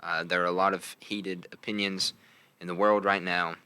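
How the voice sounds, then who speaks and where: In a low, flat, clear and resonant voice with a sharp edge, a young podcast host from Logan spins playful stories at a moderate pace, full of "right?" tags. There's no room sound.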